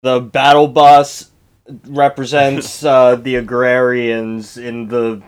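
A man's voice: mid-range voice, little pitch movement, slow pace, clear, resonant tone. A young man hosting a podcast, joking sarcastically and swearing freely in casual banter. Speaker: podcast host.

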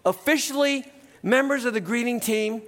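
High-voiced chatty male pastor. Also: normal speed, a bit bright, long reverb tail. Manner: conversational, keeps adding "right?". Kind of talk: sermon. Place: church sanctuary.

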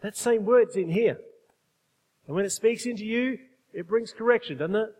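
A man delivers a sermon with emphasis, often stopping to put questions to his congregation. His voice sits very high for a man. The long reverb of a large hall trails behind every phrase. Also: moderate pace, a little mellow. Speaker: pastor.

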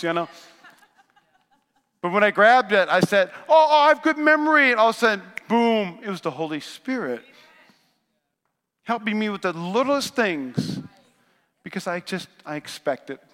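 A man in his forties preaching a sermon as a pastor, telling stories, acting out quotes and swinging between loud bursts and hushed lines. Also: high-pitched, animated, moderate pace, long pauses. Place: church hall. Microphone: handheld microphone. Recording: live sermon with long hall reverb.

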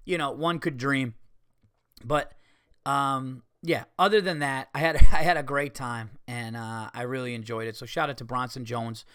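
A man's voice: mid-range voice, steady tone, normal speed, fairly bright tone, smooth, no room sound, studio quality. A man hosting a podcast, telling a story casually and animatedly, swearing, acting out what people said and making sound effects. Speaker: podcast host and comedian.

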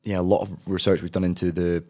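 A man's voice: deep voice, level tone, fast, warm tone. A young adult man, a drama student, giving thoughtful, rambling interview answers with frequent restarts.

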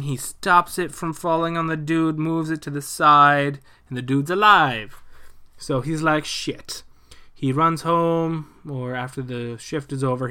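Animated young man recapping a movie. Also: on the high side, clear, resonant tone. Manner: animated, profane retelling with quick voiced asides for characters. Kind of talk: casual movie plot recap.

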